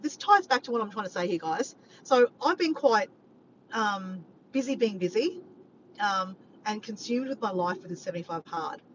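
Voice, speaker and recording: Talking to her vlog viewers, a woman with a medium-pitched, fairly bright voice drifts from point to point and curses without restraint. It's a casual chat, recorded in dull lo-fi quality with a faint hum of background noise.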